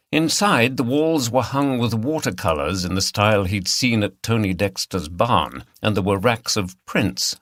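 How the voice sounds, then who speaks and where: A male narrator reads a mystery novel in a measured, even storytelling style. His voice sits on the low side. The recording is dry and close, with no room sound. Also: no echo. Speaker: audiobook narrator. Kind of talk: scripted narration.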